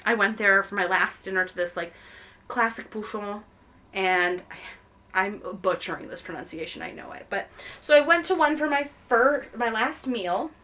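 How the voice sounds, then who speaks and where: A woman's voice: medium pitch, normal speed, bright, forceful tone. Chatty woman rambling while she knits. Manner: rambling, chatty, frequent ums and self-corrections. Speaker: podcast host. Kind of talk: casual chat while knitting. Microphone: camera mic.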